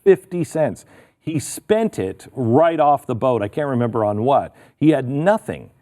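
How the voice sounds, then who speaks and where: Middle-aged man, talk show host, lively storyteller, swinging pitch, casual political chat. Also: unhurried. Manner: animated, storytelling.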